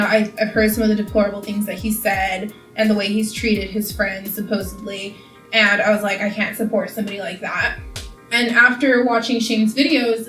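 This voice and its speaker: A woman's voice: fairly high pitch, a bit bright. A young woman from California, chatting casually and rambling while doing her makeup, full of "like" and "you know.". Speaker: beauty vlogger. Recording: echoey room, camera mic from a distance.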